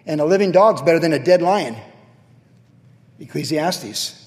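High-voiced pastor preaching in a reverberant hall. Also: male voice, measured pace. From California. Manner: animated storytelling with sudden jumps in pitch and volume. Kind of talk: sermon. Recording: long reverb from a large hall.

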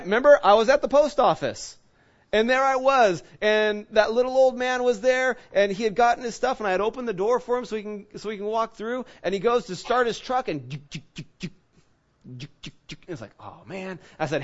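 The recording is muffled, carrying a man's high voice as he preaches. He's a pastor relating a personal anecdote in a chatty, storytelling style, voicing the quotes as he goes.

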